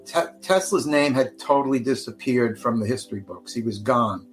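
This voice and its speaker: A man's voice: medium pitch, lively intonation, moderate pace, soft background music, poor audio. An older man, a guest on a podcast, recounting his past in an easygoing storytelling way. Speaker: guest, Tesla author.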